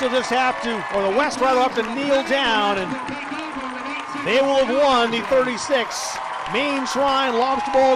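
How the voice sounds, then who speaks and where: A man calling a live high school football game play-by-play, excitable and shouting on big plays. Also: moderate pace. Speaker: play-by-play commentator. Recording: loud crowd and field noise.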